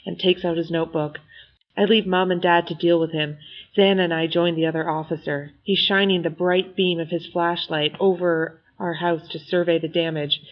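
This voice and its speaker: A woman narrates a novel in first person, reading in a measured yet expressive way. Her voice sits somewhat low. The recording sounds slightly muffled and lo-fi. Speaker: audiobook narrator.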